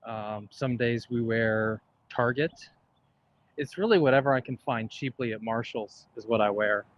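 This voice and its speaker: A man's voice: medium pitch, a little slow, highs cut off. A man co-hosting a casual golf livestream outdoors, answering in a dry, matter-of-fact way. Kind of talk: casual live-stream chat.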